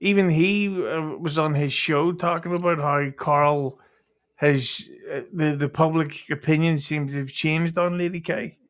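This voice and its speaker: A man from Ireland chatting casually on a live stream, crude and quick-witted. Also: a little high, fairly even intonation. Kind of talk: casual chat.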